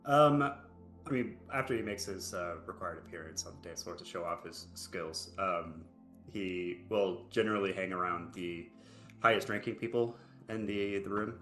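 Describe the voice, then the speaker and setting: A man's voice: deep voice, normal speed, a bit bright, echoey room, faint music behind. A man playing a tabletop game, speaking in a laid-back, hesitant way. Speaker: player.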